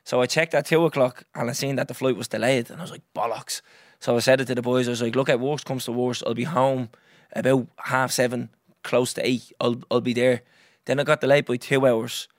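A young Irish man hosting a podcast, telling a story in a lively, swearing, casual way and acting out what others said. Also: mid-range voice, a little fast, no echo, clean studio sound. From Ireland. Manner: animated, swears freely, acts out others' lines. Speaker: podcast host.

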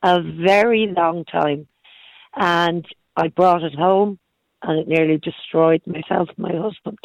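Hoarse lady calling a radio show, slow, gravelly, dry sound. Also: fairly low pitch, steady tone, no room sound, rough recording. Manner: halting, repeats words, earnest. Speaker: caller. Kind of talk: phone-in radio call.

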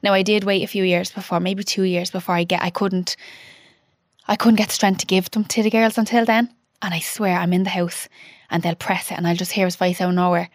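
A woman in her thirties, a podcast guest telling an emotional personal story. She talks haltingly, with restarts and quoted dialogue. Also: on the low side, steady tone, dry recording, studio quality.

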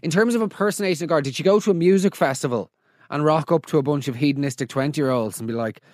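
A man hosts a comedy roast podcast in a fairly high voice, sarcastic and incredulous as he riffs and acts out little scenes. The recording is dry and close, with no room sound. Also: racing, darkish tone, no room sound. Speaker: podcast host.

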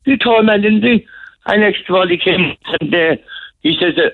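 Brief: Cork man, husky and fairly high, rambling caller on a tinny phone line. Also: normal speed. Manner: rambling storyteller, lively. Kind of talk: casual phone-in chat.

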